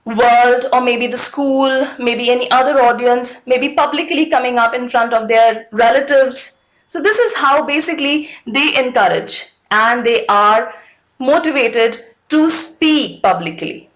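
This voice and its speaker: Over a video call, a high-pitched woman leads an online public speaking workshop. She is emphatic and repetitive, posing rhetorical questions to the audience.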